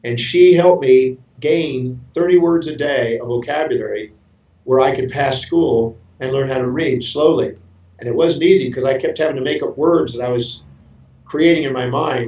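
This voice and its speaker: A man's voice: mid-range voice, normal speed, a little mellow. Earnest man storyteller in a roomy space. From United States. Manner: earnest, repeats words when starting sentences. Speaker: interview guest. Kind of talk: storytelling interview. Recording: roomy sound from a distance.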